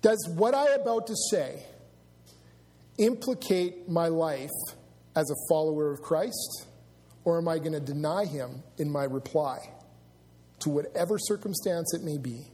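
A man with a high, husky voice preaches to his congregation, mixing scripture reading with casual asides. The sound carries a long reverb from the church hall around him. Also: a little slow, warm tone. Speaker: pastor. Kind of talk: sermon. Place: church sanctuary.

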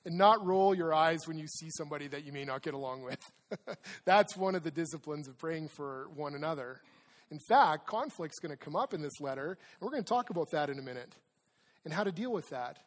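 Man, pastor, sermon, conversational asides, fairly high voice, long reverb. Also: lively intonation, a little fast. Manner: conversational, with personal stories and asides; reads scripture aloud with emphasis.

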